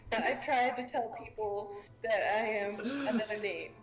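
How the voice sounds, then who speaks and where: A woman's voice: medium pitch, fairly even intonation, unhurried, music in the background, pitched above the performer's own voice, natural voice, rough recording. A woman putting on a bubbly young healer. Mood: cheerful. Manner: chirpy and giggly.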